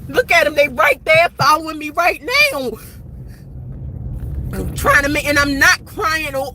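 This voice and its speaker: A woman's voice: sits high, normal speed, pushed and bright, a little hiss or hum, poor audio. A woman in her forties recording an impassioned, rambling vlog rant outdoors at night, repeating herself as she talks. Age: 40s. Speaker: vlogger.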